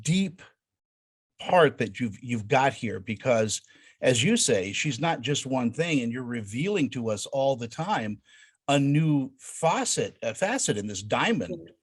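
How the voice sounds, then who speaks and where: A man's voice: medium pitch, sing-song, measured pace, slightly rough. A man hosting a celebrity interview, enthusiastic and stumbling over his words as he asks questions. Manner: enthusiastic, repeats words while searching for them. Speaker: interview host. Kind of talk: casual interview chat.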